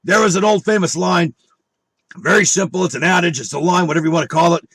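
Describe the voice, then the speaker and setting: A man's voice: fairly high pitch, rapid-fire, husky, no echo. A man on an angry monologue full of swearing and rhetorical questions. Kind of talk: angry profane rant.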